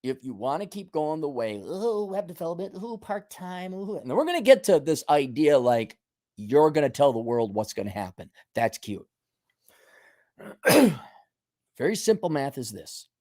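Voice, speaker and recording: A man's voice: mid-range voice, big pitch swings, a little slow, a little mellow, dry recording, studio quality. A man hosting his own show, ranting bluntly and scolding listeners, mocking their excuses in put-on voices. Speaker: host. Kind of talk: ranting monologue.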